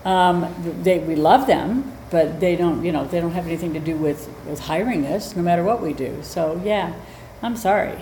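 A woman dog trainer teaching a class in a chatty, animated way, acting out little scenes as she explains. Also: lowish voice, normal speed. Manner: animated, chatty, acts out quotes. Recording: roomy echo, faint noise.

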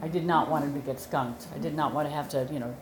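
A woman's voice: low-pitched, fairly even intonation, fast talker, echoey room, background noise. A woman talking casually about dog training, explaining patiently and telling stories with animation. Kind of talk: casual chat.

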